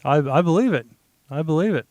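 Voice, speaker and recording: A man's voice: fairly high pitch, expressive, fairly quick, darkish tone, dry recording. Man podcast host, dry close sound, jokey, heavy on fillers, keeps asking questions. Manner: joking, filler-heavy, asks lots of questions. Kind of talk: casual podcast chat.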